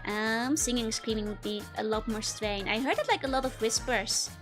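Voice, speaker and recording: A woman streamer chats casually with her viewers, her squeaky, hamster-like voice sitting very high. She giggles often and keeps the talk light and rambling. Faint music plays underneath. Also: normal speed. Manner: giggly, chatty. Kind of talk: casual live-stream chat.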